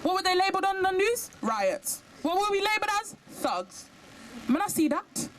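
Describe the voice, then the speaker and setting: A woman's voice: extremely high pitch, a bit bright, poor audio. A young woman giving an impassioned speech at an outdoor protest in the rain, firing off emphatic rhetorical questions. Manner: rhetorical questions, emphatic, sings a short verse. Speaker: protest speaker. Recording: outdoor recording with street noise.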